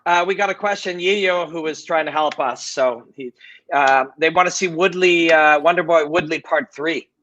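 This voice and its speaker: A man hosting a casual watch-party chat, chatty and quick to laugh. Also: on the high side, sharp tone, muffled recording, a little hiss or hum.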